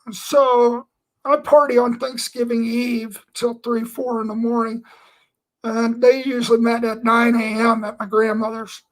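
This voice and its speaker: Earnest man with a flat delivery. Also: very high-pitched, unhurried, poor audio. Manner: earnest, meandering storytelling full of fillers. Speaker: Christian speaker. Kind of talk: personal testimony.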